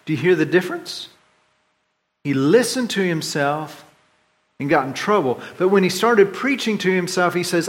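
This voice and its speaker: A man preaching a sermon, swinging between loud, high complaints and quiet, low reflection as he voices the psalmist. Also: lively intonation, moderate pace. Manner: dramatic swings in pitch and volume, voicing the psalmist's complaints. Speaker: pastor.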